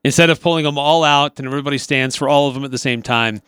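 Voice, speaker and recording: Smooth-voiced sports radio co-host. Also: male voice, mid-range voice, fast talker, a bit bright, no echo, clean studio sound. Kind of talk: casual sports talk.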